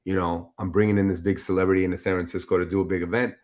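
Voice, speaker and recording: A man guest on a podcast, telling a story in a loose, animated, conversational way with lots of filler phrases. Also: deep voice, racing. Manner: animated, loose and conversational, full of "you know" and "like". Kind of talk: casual storytelling interview.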